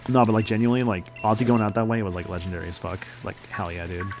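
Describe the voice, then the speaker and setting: A man's voice: lowish voice, little pitch movement, fast, music in the background. A man in his late twenties streaming a game and chatting casually, rambling and laid-back, swearing a lot. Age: late 20s.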